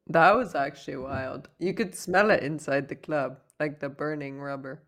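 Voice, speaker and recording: A woman's voice: deep voice, normal speed. A woman co-hosting a podcast in casual chat, telling stories and laughing often. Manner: laughs often, animated storytelling. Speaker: podcast co-host.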